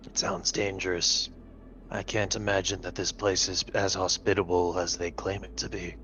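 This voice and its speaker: A man's voice: flat delivery, normal speed, bright, forceful tone, soft background music. A man voicing a huge grim creature through a voice changer. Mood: suspicious. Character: grown-up hulking creature in mechanical suit. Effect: voice changer deepening the voice. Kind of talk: tabletop role-play in character.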